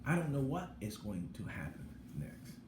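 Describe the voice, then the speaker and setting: Blunt animated man in an echoey room. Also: normal speed. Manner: blunt, animated, swings between loud and low. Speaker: channel host. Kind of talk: casual commentary monologue. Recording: echoey room with background noise.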